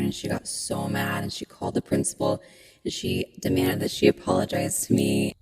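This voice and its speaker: A woman telling a casual story in a low, breathy, gravelly voice. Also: monotone, brisk, music in the background, poor audio.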